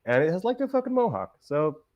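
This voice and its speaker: A man's voice: sits high, sing-song, a little fast, lo-fi sound. A man being interviewed as a musician guest, casual and playful, swearing freely.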